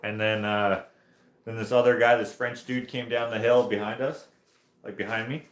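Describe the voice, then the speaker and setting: A man's voice: on the low side, fairly even intonation, normal speed, a little hiss or hum. A man hosting a livestream, telling a long casual story in a rambling way, laughing and restarting often. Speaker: livestream host. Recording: roomy echo.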